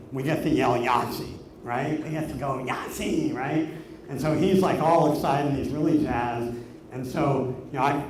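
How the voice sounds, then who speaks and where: A man in his thirties telling a story to a live audience, animated and energetic, drawing the crowd in. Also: mid-range voice. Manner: animated, energetic storyteller who gets the audience shouting along. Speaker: motivational speaker. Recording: echoey room with faint noise.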